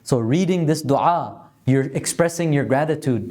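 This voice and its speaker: A man gives a religious lesson in a mosque, telling a story in an earnest, steady voice. He works Arabic words and phrases into his talk as he explains. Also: fairly high pitch, a little slow. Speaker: religious teacher.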